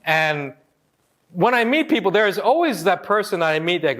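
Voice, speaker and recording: A man in his forties from Hawaii giving a lively motivational talk, joking with the audience and acting out quotes. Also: sits high, moderate pace. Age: 40s. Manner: animated, joking, acts out quotes. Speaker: motivational speaker.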